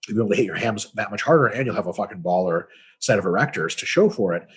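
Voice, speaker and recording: Husky low-voiced man explaining bluntly. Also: animated, racing. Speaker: co-host answering fitness questions. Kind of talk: casual webinar Q&A.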